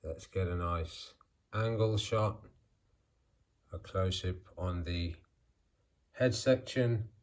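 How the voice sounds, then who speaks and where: A man in middle age hosts a hobby vlog, narrating as he poses figures. His voice sits a little low and he talks slowly, as if musing aloud to himself. The delivery stays calm and unhurried. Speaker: toy figure channel host. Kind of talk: casual vlog narration while posing figures.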